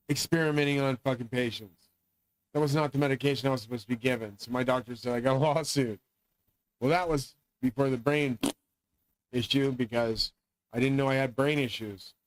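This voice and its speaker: A man's voice: mid-range voice, fairly even intonation, a little fast, dry recording, poor audio. A middle-aged man delivering a rambling, profane, grandiose monologue as host of his own channel.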